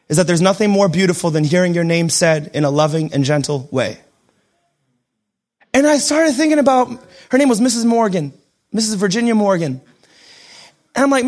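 A young adult man preaching a sermon, switching between shouted declarations and quiet, joking asides. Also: sits high. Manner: self-deprecating humor. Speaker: pastor.

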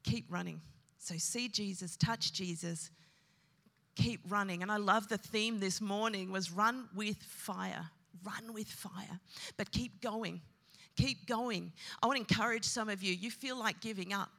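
A woman's voice: medium pitch, a little slow, gravelly, bright, forceful tone. A woman pastor preaching a sermon with emphasis, repeating her key phrases. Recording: long hall reverb.

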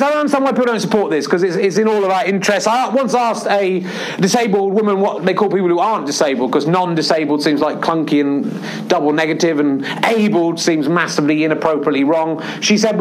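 A man's voice: high-pitched, rough recording. A man in his forties doing live stand-up on a theatre stage, rambling and self-deprecating, often restarting his sentences. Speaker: stand-up comedian. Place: large theatre stage before an audience.

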